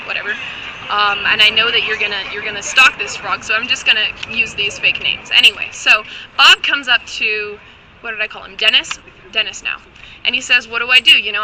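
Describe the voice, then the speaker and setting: Pitched a little high, this young woman's voice is strained and weary, like it's giving out on her. She jokes her way through a meandering funny story, restarting often and wandering into asides, against a noisy background.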